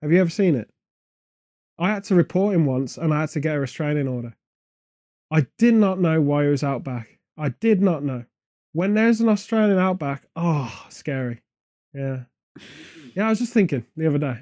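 A man co-hosting a comedy podcast, rambling through absurd deadpan tangents in casual chat. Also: fairly high pitch, dry recording, studio quality. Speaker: podcast co-host.

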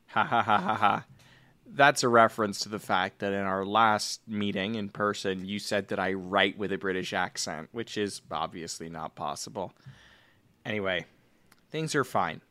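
A man playing a lonely, divorced former executive reading out an awkward, rambling letter in a deadpan way, in an improvised comedy sketch. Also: fairly low pitch, no room sound.

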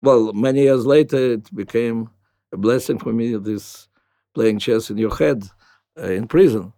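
Older man with a Russian accent, gravelly. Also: mid-range voice, mellow, no room sound. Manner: halting, restarts with "uh", non-native grammar. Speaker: guest. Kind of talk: reflective interview answers.

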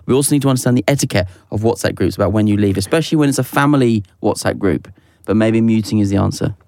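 A man's voice: fairly low pitch, very fast, creaky, no echo, studio quality. A man co-hosting a casual chat show, laughing often as he reads out listener confessions. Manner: giggly, animated, laughs through his words. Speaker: podcast co-host.

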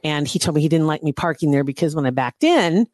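A woman's voice: low voice, animated, fast, a little mellow, dry recording. A woman chatting casually and telling a story, wry and exasperated, laughing often between lines. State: recovering from knee surgery. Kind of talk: casual chat.

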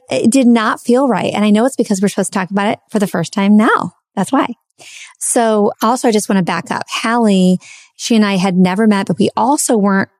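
A woman's voice: medium pitch, a little mellow, no echo, studio quality. A woman podcast host in casual conversation, telling a heartfelt personal story in a chatty way, full of fillers.

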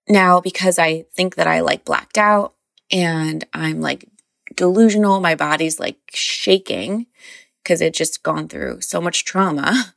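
A woman's voice: fairly low pitch, a little slow, gravelly, fairly bright tone, dry recording, studio quality. A mother casually recounting a birth story, rambling and filling her speech with "like". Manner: rambling, heavy use of "like".

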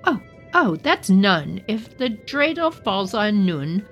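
A cheerful trickster full of smug, sugary sympathy, coaxing his mark in a lively storybook voice. A woman plays him. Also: medium pitch, takes it slowly, dull audio, faint music behind, voice pushed up. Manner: sweetly smug, falsely sympathetic. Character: sly cheerful male trickster, smug and teasing.

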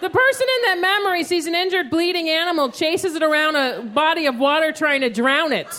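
A woman in her thirties performing a profane, animated stand-up set on a club stage. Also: high voice, brisk. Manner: profane, animated storytelling with acted outbursts. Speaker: stand-up comedian. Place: comedy club stage before a live audience. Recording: live show with audience noise.

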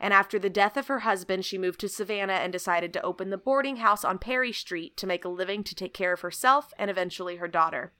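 A woman in her thirties co-hosts a casual podcast, laughing easily and slipping jokes into her storytelling. Her voice is bright and ringing, pitched right in the middle range. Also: quick pace, few pauses. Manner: playful, laughing, jokey asides. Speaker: podcast co-host.

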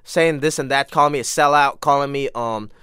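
A man's voice: mid-range voice, brisk, clean tone, no room sound, studio quality. A man from Hong Kong in his thirties, a comedian guest talking in a casual interview, telling stories animatedly. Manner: animated storytelling, quotes others in lively voices.

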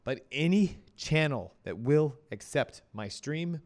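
A man hosting a casual health talk show, hoarse from laryngitis, energetic and chatty. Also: fairly high pitch, slow. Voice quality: coughing, strained voice. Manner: energetic, chatty, breaks into playful quoted voices. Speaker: radio show host.

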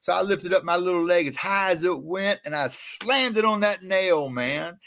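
A middle-aged man telling his life story as a guest in an interview, animated and self-mocking. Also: high-pitched, moderate pace, vocal fry.

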